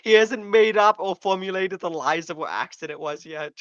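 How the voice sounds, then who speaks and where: A man's voice: high-pitched, moderate pace, fairly bright tone, clear, resonant tone, dry recording. A man commenting on a live stream, mocking and laughing often, heard through a dull lo-fi mic.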